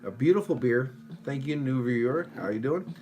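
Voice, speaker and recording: A man's voice: mid-range voice, animated, normal speed, a little hiss or hum, poor audio. Profane rambling man reviewing beer. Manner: rambling, profane, bursts into shouting at viewers. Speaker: beer reviewer on a live stream. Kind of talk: casual live-stream beer review.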